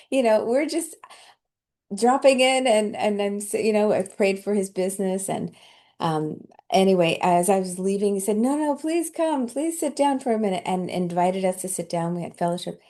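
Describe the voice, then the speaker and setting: A woman's voice: mid-range voice, mellow. A woman host telling a heartfelt personal story in an emotional, tearful way, often laughing as she talks.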